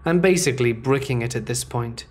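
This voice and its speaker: A man's voice: medium pitch, a little fast. A man steadily reading true scary stories aloud in the first person, as the narrator of a horror story channel.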